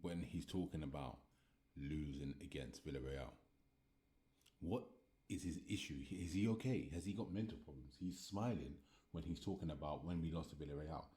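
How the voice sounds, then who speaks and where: A man's voice: rumbling low, moderate pace, mellow. A male football fan ranting angrily, repeating himself and swearing as he argues. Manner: repetitive, heated, swearing. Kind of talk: angry football rant. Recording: echoey room.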